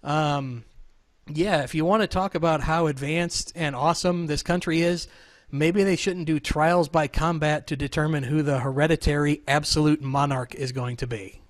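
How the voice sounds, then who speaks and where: Guy hosting a chat over video call, kinda high voice, dry sound, rambles and jokes. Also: fairly even intonation, normal speed, dry recording. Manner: joking, rambling, self-deprecating. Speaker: podcast host.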